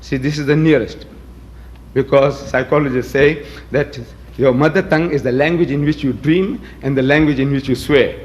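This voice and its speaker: A man's voice: mid-range voice, fairly even intonation, moderate pace, a little mellow, lo-fi sound. A man from Africa, giving a combative, rhetorical public lecture and mimicking his opponents. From South Africa. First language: Gujarati.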